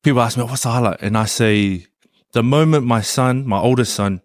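A man, a professional rugby player, telling an animated story in an interview with lots of laughs and fillers. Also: mid-range voice, brisk, no room sound, clean studio sound.

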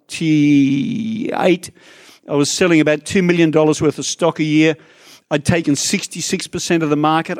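A man's voice: a little high, dry recording, studio quality. A man preaching a sermon to a church congregation, talking conversationally with asides to people in the room. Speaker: pastor.

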